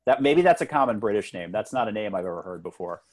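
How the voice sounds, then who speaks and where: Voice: mid-range voice, expressive, quick pace, a little mellow. A podcast co-host in a casual chat, laid back and making dry remarks.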